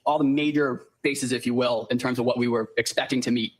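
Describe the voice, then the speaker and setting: A man testifying in court as a firefighter paramedic, answering politely and in a measured way. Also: mid-range voice, fairly even intonation, poor audio.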